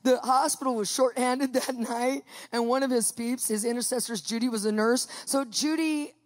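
A woman preaching, telling her own story to a congregation with lively, acted-out quotes. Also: a little high, normal speed, in a large hall. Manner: animated storytelling, acting out quotes. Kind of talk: testimony sermon to a live audience.

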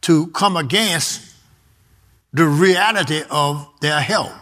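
A male preacher delivers a sermon with a bright, forward voice pitched a little high. He reads scripture aloud and hammers home his key words by repeating them. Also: takes it slowly.

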